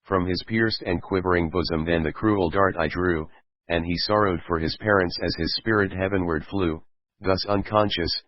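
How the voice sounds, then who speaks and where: A man giving a steady, measured audiobook reading of old rhyming verse. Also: deep voice, no echo. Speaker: audiobook reader. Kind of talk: scripted narration of verse. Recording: dull lo-fi dry recording.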